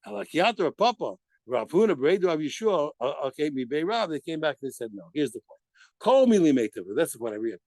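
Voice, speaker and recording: Animated man teaching a lesson. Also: fairly high pitch, fast, dry recording. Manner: animated, asks rhetorical questions and answers them; corrects himself often. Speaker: Talmud teacher. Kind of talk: daf yomi study lesson.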